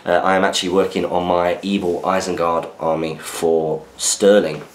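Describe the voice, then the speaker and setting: A man's voice: low-pitched, level tone, moderate pace, a little hiss or hum. A man hosting a podcast, chatting casually as he reads out listener messages and answers them with asides. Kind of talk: casual chat. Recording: roomy echo.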